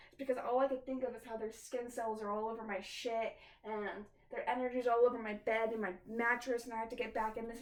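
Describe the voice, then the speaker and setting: A tarot vlogger films a casual, confessional video in her kitchen, talking candidly to viewers and swearing often. Her voice is on the high side, and she's far from the mic in a room with noticeable echo.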